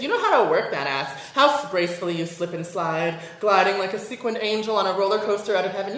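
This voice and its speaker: A woman performing spoken word poetry at a college venue. Her delivery is intense and rhythmic, with repeated chants that build to loud peaks. The room sounds echoey, and her voice sits at a middling pitch. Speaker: performance poet. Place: college venue before a live audience.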